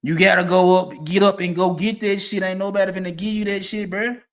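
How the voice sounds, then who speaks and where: A man, ranting casually and profanely, swinging from low mutters to loud, emphatic bursts. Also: steady tone, fairly quick. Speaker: streamer giving opinions.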